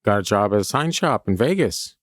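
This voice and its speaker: A man's voice: on the low side, big pitch swings, a little fast, dry recording, clean studio sound. A man from California hosting a comedy podcast, rambling through a self-mocking stream-of-consciousness monologue. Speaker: podcast host.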